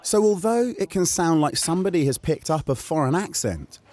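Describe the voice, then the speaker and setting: A man hosting and narrating a science documentary in scripted voice-over with an expressive, rising and falling delivery. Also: on the high side, normal speed. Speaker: host and narrator. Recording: voice-over over background music.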